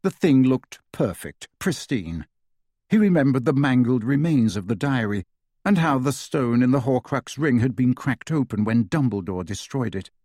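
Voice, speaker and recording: A man reads an audiobook in a steady, measured way at a middle pitch. His voice has a slightly husky edge. The recording is dry and close. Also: no echo. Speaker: audiobook narrator. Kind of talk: scripted narration.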